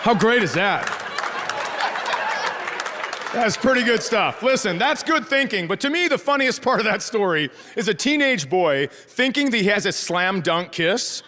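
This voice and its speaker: Man, middle-aged, high voice, stand-up storytelling, crude, animated, noisy room. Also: unhurried, long reverb tail, crowd noise. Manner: animated, crude, jumps higher for punchlines. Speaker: stand-up comedian.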